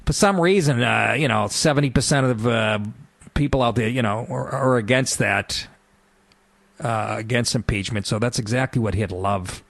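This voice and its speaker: A male talk radio host ranting in a sarcastic, profane monologue. His voice sits at an ordinary middle pitch and sounds dry and close, with no room around it. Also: normal speed, vocal fry, fairly bright tone, no room sound.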